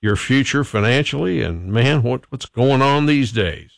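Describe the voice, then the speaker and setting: A folksy male radio host who rambles and pokes fun at himself between news items. His voice sits at an ordinary middle pitch and sounds dry and close, with no room around it. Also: animated, measured pace, gravelly, no echo. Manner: folksy, rambling, self-deprecating. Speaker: radio talk show host. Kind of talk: casual morning radio chat.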